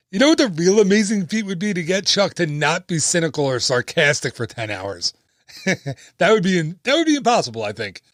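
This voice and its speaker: A man's voice: high-pitched, sing-song, moderate pace, dry recording, clean studio sound. A man in his thirties hosting a casual travel podcast, upbeat and chatty with joking asides. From United States. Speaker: podcast host and travel agent.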